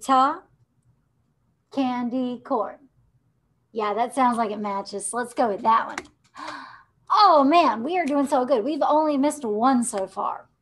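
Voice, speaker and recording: A woman's voice: high-pitched, fairly bright tone. A woman teaching a first grade music lesson in an upbeat, encouraging, sing-song way.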